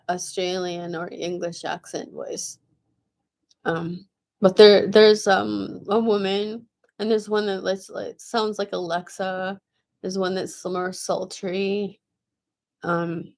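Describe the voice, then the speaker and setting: A woman in a relaxed, rambling chat, talking to the camera and to an assistant. She fills her speech with ums and likes. Her voice sits in an ordinary middle range. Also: mid-range voice, gravelly. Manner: chatty, rambling, with fillers. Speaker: video host. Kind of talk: casual chat.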